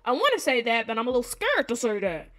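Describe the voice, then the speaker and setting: A woman hosting a gaming video, chatting casually to viewers and reading game text aloud in an expressive way. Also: on the high side, quick pace. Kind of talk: casual let's-play commentary to viewers.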